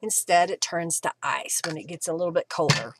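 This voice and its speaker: A woman's voice: on the low side, fairly quick, very noisy. A middle-aged woman, chatting casually and answering viewer comments as she works on a craft live stream. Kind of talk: casual chat while crafting.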